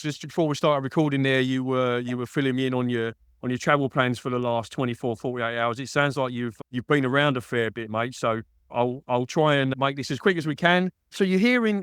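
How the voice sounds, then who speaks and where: A man's voice: medium pitch, a little fast, few pauses, clean tone, dry recording, clean studio sound. A man from East London with an East London accent, hosting a radio interview in a chatty way, often calling his guest mate. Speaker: radio and podcast host.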